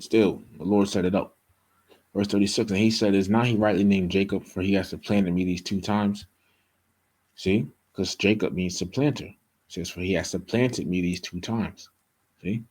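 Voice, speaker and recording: A man's voice: on the low side, normal speed, darkish tone, poor audio. A man teaching a bible study in a casual, conversational way, reading verses aloud and often checking in with "okay?" and "you know".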